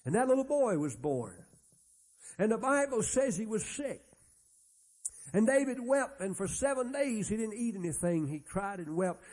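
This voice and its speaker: A man's voice: high-pitched, darkish tone. A man preaching a sermon, retelling Bible stories in a folksy way and acting out the characters' lines. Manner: folksy storytelling, acts out Bible characters' dialogue.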